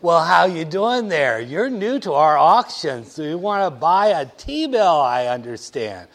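A man's voice: fairly high pitch, big pitch swings, a little slow. A man in a classroom role-play, voicing a chatty, pushy woman who hosts an auction and fusses over a young buyer in folksy sales patter. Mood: fussing.

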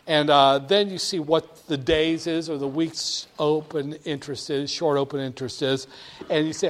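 A man with a slightly higher-than-average voice, teaching a room of students. He is lively and emphatic, dropping to quiet asides and then rising to loud, punchy points. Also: moderate pace. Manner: animated, emphatic, swings between quiet and loud. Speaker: instructor. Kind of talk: classroom lecture.

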